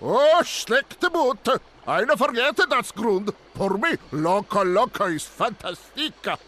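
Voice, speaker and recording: A man's voice: high voice, lively intonation, takes it slowly, fairly bright tone, heavily acted. An actor playing a jolly bargeman in a game, speaking in a put-on mixed European accent with boisterous chuckles. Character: jolly bargeman mixing German, Dutch and Spanish words. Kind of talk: game voice acting.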